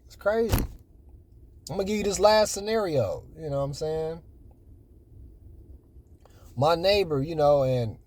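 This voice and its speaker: A man's voice: fairly high pitch, lively intonation, normal speed, long pauses, a little mellow. A man in his forties telling everyday stories in a casual, rambling way, packed with "you know" fillers. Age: 40s. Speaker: vlogger. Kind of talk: casual storytelling.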